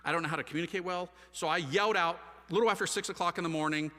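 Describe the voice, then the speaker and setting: A middle-aged man telling a personal story with lively, self-mocking energy, often acting out other people's voices. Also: fairly high pitch, racing. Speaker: speaker telling his conversion story. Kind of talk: animated storytelling talk. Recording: long hall reverb.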